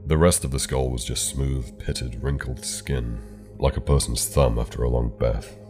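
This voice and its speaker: A man narrating a horror story in a calm, measured way. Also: extremely low pitch. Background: soft background music.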